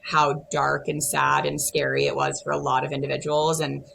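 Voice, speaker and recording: A woman's voice: a bass voice, level tone, moderate pace, creaky, fairly bright tone, slight background noise. A young woman content creator talking casually as an interview guest, chatty and full of "like". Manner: chatty, lots of "like" and fillers.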